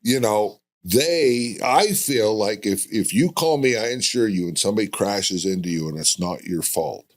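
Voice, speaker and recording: Low voice guy hosting a podcast, makes his point hard, keeps asking "right?". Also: animated, moderate pace, hardly any pauses. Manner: emphatic, uses rhetorical questions. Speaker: podcast host. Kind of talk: casual podcast conversation.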